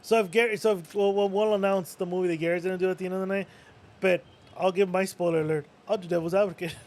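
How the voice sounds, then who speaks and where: Man, younger adult, rapid, high voice, joking co-host, swears freely. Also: fairly even intonation, a little mellow. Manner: fast, joking, swears a lot. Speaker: podcast co-host. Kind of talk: casual movie watch-along chat.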